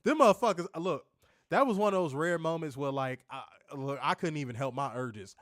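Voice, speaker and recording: A man's voice: fairly high pitch, brisk, a bit bright, no echo. Casual male host, crude and laughing, dry close sound. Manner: loose, profane, laughing often. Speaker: wrestling review host. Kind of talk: casual crude show recap.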